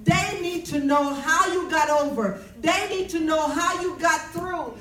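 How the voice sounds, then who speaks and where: A woman's voice: very high-pitched, measured pace, a bit bright. A woman giving a faith-based personal testimony in an earnest, preaching cadence, repeating her key phrases. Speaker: speaker sharing personal testimony. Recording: roomy, distant mic.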